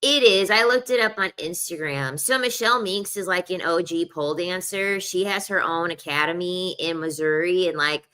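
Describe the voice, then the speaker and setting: A woman's voice: fairly low pitch, moderate pace, hardly any pauses, sharp tone. A young adult woman talking in a casual, rambling chat, full of "like" fillers and the odd laugh. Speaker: podcast host.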